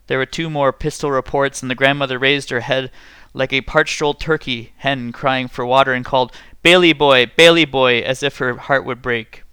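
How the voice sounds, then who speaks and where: Brief: male narrator, bright resonant tone, dry close sound, steady reading. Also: medium pitch, normal speed, clean tone, no room sound. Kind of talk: story reading.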